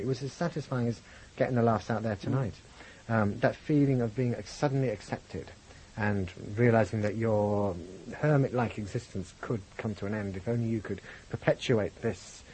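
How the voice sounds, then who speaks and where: A man with a posh English accent, reminiscing candidly as an interview guest, animated when telling stories. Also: mid-range voice, slight background noise, low-quality recording. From England, grew up in Birmingham. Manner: reflective, animated storyteller, lifts voice for quotes. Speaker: guest, comedian and impressionist.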